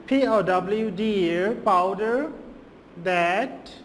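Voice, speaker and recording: A male teacher with a Bangladeshi accent giving a slow classroom lesson, spelling words letter by letter and repeating them. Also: high voice, in a large hall, slight background noise.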